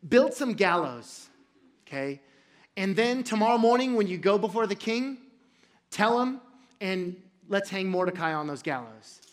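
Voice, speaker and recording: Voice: mid-range voice, lively intonation, measured pace, close to an everyday voice. A preacher doing a villain's calculating wife. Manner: matter-of-fact, calculating. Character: scheming villain's wife giving cold advice. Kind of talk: sermon storytelling.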